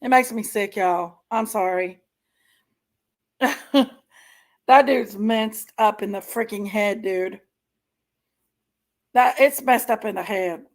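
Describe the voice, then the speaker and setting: On a live stream, a woman reacts to videos with indignant, exasperated remarks aimed at her chat. Her voice sits in the mid-range, and she speaks slowly with frequent pauses, apologizing to viewers over and over.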